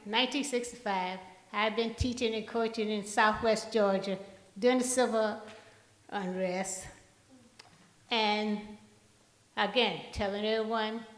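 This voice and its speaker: Older woman telling stories, slow. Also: medium pitch. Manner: storytelling, slow and deliberate. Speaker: eulogy speaker. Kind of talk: memorial tribute speech. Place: large hall. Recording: echoey hall, voice from far off.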